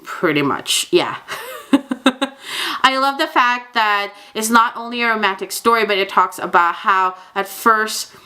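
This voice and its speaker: A young woman gushes to her viewers in a casual book review vlog, easy and enthusiastic, packing her speech with fillers like "oh my god." Her voice is bright, smooth, medium-pitched, and unhurried.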